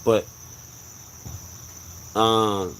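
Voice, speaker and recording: A man's voice: on the low side, fairly even intonation, extremely slow, a bit bright, slight background noise, low-quality recording. A man hosting a live stream, telling a personal story earnestly and repeating his points for emphasis. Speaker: livestream host sharing a religious testimony. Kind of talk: live-stream casual talk.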